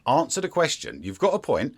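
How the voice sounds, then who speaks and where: A man in a casual interview chat, talking in a sarcastic, animated way and slipping into mocking voices. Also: on the high side, fairly quick, vocal fry, slightly rough.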